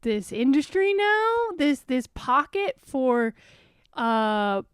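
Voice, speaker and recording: A woman's voice: high-pitched, very animated, slow pace, smooth, no echo, studio quality. A young woman from the suburbs, co-hosting a comedy podcast in a swearing, ranting, over-caffeinated way. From Philadelphia suburbs. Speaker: podcast co-host. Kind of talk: casual comedic chat.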